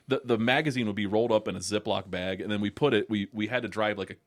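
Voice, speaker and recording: A man with a fairly low voice, recorded dry and close, tells a story among friends. He stumbles over his words and laughs as he goes. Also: fairly even intonation, quick pace, dry recording. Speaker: podcast guest. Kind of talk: casual chat.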